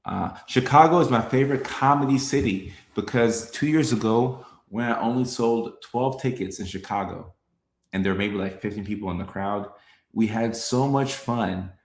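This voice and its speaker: A young man chats casually on a live stream, answering comments in a relaxed, repetitive way and chuckling often. His voice sits on the low side with a gravelly fry, and the room gives it a noticeable echo. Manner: laid-back, repeats lines, chuckles often. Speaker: comedian hosting a live stream.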